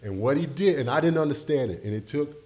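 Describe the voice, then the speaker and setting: A middle-aged man from Tampa Bay, telling an emotional story as a podcast guest, animated and speaking straight to his listeners. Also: mid-range voice, quick pace. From Tampa Bay, Florida. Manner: animated, addresses listeners as y'all.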